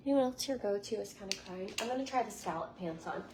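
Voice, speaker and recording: In a Las Vegas hotel room, a woman in her forties vlogs about lifestyle topics, chatting casually to camera in a bubbly way full of likes and ums. Her mid-range voice is expressive and quick, with few pauses, and there's noticeable background noise.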